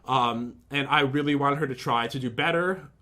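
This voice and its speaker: A man's voice: medium pitch, moderate pace, pushed and bright. A young man in casual commentary, rambling and aggrieved as he reads out and picks apart messages from an ex. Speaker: vlogger.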